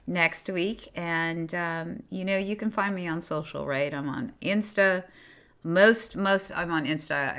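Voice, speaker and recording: Bright low-pitched woman livestream host. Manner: encouraging, reads viewer chat aloud and answers; warm and effusive. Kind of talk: casual livestream talk to viewers.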